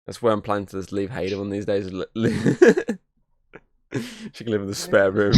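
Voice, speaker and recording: A man's voice: on the low side, expressive, unhurried, darkish tone. A man hosting a podcast, telling rambling stories in casual chat and swearing freely. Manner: rambling, sweary, repeats "obviously". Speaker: podcast host.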